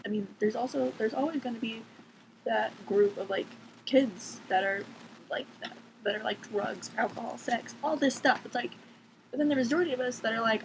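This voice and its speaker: A woman's voice: fairly high pitch, moderate pace, vocal fry, poor audio. Sarcastic teenage girl ranting. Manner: sarcastic, swears freely, lots of "like" fillers. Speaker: vlogger. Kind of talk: casual ranting vlog. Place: bedroom at home. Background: cats making noise.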